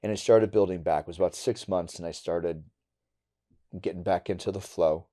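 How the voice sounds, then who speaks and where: A middle-aged man from Wisconsin, a podcast guest telling a personal story candidly and bluntly, going quiet and halting on hard memories. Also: sits low, fairly even intonation. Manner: candid and blunt, with casual swearing.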